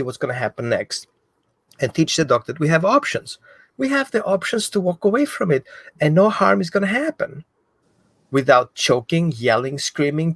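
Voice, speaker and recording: A man explaining dog training in an animated way, acting out what the dog thinks. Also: fairly high pitch, dry recording. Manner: animated, acts out the dog's thoughts. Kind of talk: explanatory talk.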